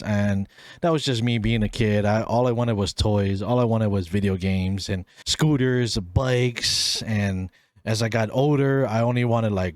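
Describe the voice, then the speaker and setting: A young man in his twenties hosting a solo podcast, telling stories in a casual, animated way and acting out the voices in his quotes. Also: medium pitch, dry recording, clean studio sound. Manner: animated storyteller, acts out voices in quotes, laughs often. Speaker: podcast host.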